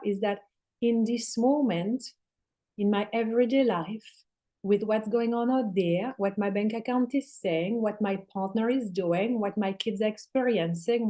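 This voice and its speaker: A guest in an informal spiritual discussion, this woman teacher speaks in a mid-range voice. She drops swear words casually and sometimes slips into a gentle near-whisper.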